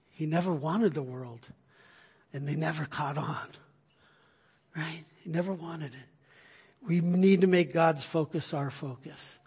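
A man preaching a sermon, emphatic and full of rhetorical questions, swinging between loud urging and hushed, quiet points. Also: fairly high pitch, breathy edge. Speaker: pastor.

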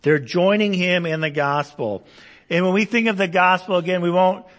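Pastor teaching in a reverberant hall. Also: male voice, high voice, moderate pace, fairly bright tone, lo-fi sound. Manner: conversational, explains verses with asides and rhetorical questions. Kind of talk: Bible-teaching sermon.

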